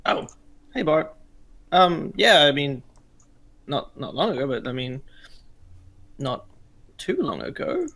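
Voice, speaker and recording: A hesitant man faking his way past a guard, as a player acts him out, stumbling over his excuses. His voice sits fairly high, and he keeps restarting his sentences. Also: very animated, slow, vocal fry, long pauses, sharp tone, exaggerated voice. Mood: nervous. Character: bluffing man posing as a guard.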